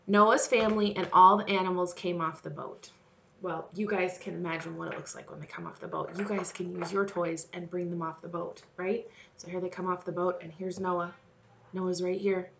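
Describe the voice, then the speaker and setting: A woman leading a children's message, telling a story to kids in an animated way and speaking to them directly. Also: on the low side, normal speed, creaky.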